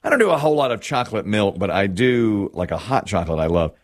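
A middle-aged male host chats in a rambling, storytelling way, his pitch rising and falling with animation. His voice sits a bit low, and the recording is close and dry. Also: very animated, fast talker, no echo. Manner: chatty, rambling, with restarts and storytelling. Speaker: radio show host. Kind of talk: casual on-air chat.

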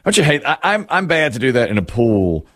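Middle-aged man rambling with lively pitch. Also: fairly quick, no echo, clean studio sound. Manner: rambling storyteller, wry and self-mocking, laughs often. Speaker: radio show host. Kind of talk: casual chat.

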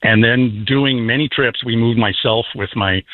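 A man's voice: medium pitch, unhurried, dry recording. A man in his seventies calling in to a radio show, chatting casually and rambling with many restarts over a phone line. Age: 70s. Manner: rambling, self-interrupting. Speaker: caller.

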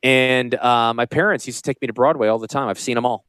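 A man's voice: mid-range voice, steady tone, fast talker, fairly bright tone, clean tone, no echo. A middle-aged man from Connecticut hosting a radio show, joking and rambling in casual talk. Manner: joking, rambling, self-deprecating. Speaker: radio show host and financial advisor.

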